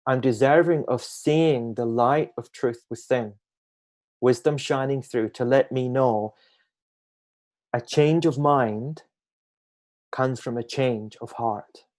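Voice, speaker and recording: A man giving a reflective spiritual talk on a group call, musing gently and slowing down to stress key ideas. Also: mid-range voice. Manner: gentle, musing, often slows down for emphasis. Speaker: guest speaker on a group call.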